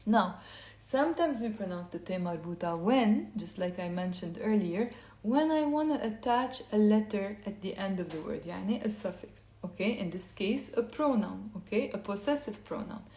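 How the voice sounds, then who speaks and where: A woman teaching a language lesson, explaining step by step and repeating words slowly for learners to say along. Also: mid-range voice, animated, mellow, reverberant. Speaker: Lebanese Arabic teacher.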